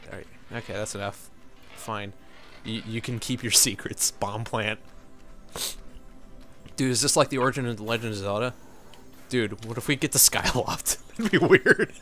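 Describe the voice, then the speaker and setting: A young man chats his way through a game, rambling and joking with frequent laughter. His voice is bright and forward, sitting at an ordinary middle pitch. Faint music plays under his talk. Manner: rambling, jokey, laughs often. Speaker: let's play gamer. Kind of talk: casual gameplay commentary.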